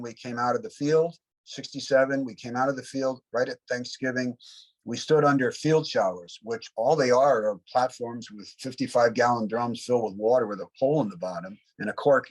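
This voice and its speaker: Interviewed about Vietnam, a veteran in his seventies rambles through reflective war stories, frequently adding "you know." He has a medium-pitched voice, captured on a low-quality recording.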